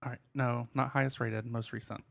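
A man's voice: medium pitch, little pitch movement, fairly quick, creaky, fairly bright tone, no echo, clean studio sound. A man hosting a casual podcast, easygoing as he reads listener reviews and wraps up the show. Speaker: podcast host.

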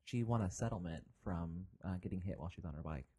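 Fast-talking husky man. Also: low-pitched, mellow. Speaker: podcast co-host. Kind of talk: casual chat.

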